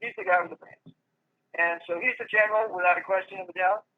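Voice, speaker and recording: A man's voice: high-pitched, fairly even intonation, quick pace, slight background noise. A male interview guest who lectures emphatically and insistently in a muffled, lo-fi recording. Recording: dull lo-fi audio.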